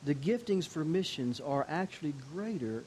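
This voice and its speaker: An older male pastor delivers a sermon in a slightly high voice, moving from hushed, personal storytelling to slow, emphatic declarations. A faint hiss sits under the recording. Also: expressive, low-quality recording. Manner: storytelling preacher, shifting between quiet intimacy and emphatic declarations.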